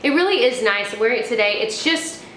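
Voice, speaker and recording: A woman's voice: fairly high pitch, lively intonation, fast talker, sharp tone. A young woman reviewing beauty products in a casual chat, rambling with fillers and restarts. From United States. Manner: chatty, many fillers and restarts. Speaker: beauty vlogger. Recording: echoey room, faint background noise.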